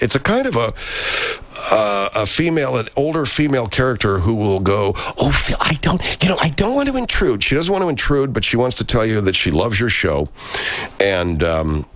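A man with a low voice that swings widely in pitch, riffing casually as he reads viewer comments off a live stream. His talk is loose, profane and full of asides, into a studio microphone. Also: a bit bright, dry recording. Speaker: radio comedian hosting a live stream.

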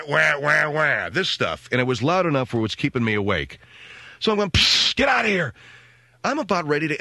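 Middle-aged man, radio host, comic storytelling, lively swooping pitch, dry close sound. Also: no room sound. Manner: animated, jokey, acts out voices and sounds.

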